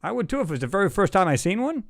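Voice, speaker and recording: A man's voice: high-pitched, very animated, rapid-fire, gravelly, a bit bright, no room sound, studio quality. A man hosting a casual livestream chat, talking in a loose, rambling way and reading viewer comments aloud. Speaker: livestream host.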